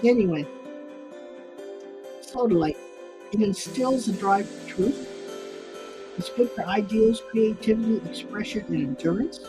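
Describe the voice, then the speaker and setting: A woman's voice: mid-range voice, a little slow, pauses often, rough recording. Chatty woman psychic co-host over music. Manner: chatty, laughs easily, reads affirmations aloud. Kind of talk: casual live call-in chat. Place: home studio, seen on camera in hat and glasses.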